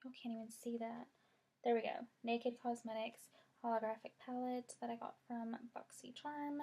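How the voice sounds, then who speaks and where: Chatty woman, husky voice. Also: fairly high pitch, level tone, normal speed, dark tone. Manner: chatty, rambling, says "y'all" often. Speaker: beauty vlogger. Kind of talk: chatty get-ready-with-me makeup tutorial.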